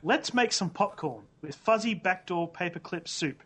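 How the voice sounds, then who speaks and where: A man reading the part of a brash, slangy male rapper in a comic read-through, flatly speaking the punctuation aloud. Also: high voice, moderate pace, husky, exaggerated voice. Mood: deadpan. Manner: reads out punctuation deadpan.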